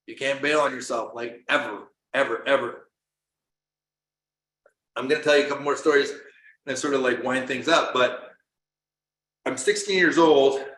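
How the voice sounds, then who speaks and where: A middle-aged man from Canada, a coach giving an earnest motivational talk, telling stories that swing from quiet to loud. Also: mid-range voice, a little hiss or hum. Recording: roomy echo.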